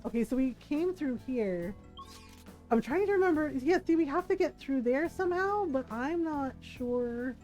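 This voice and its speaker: A high-pitched woman streamer casually tells a long, rambling story while playing a video game, leaning on fillers like "like" and "right?" and laughing often. Her intonation is lively and her speed normal, with faint game music running quietly beneath her voice. The audio sounds dull.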